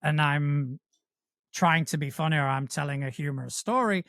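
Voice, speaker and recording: A man's voice: fairly high pitch, moderate pace, a bit bright, dry recording, clean studio sound. Hesitant man from Spain. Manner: hesitant, with many restarts and fillers. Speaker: podcast co-host. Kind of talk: casual chat.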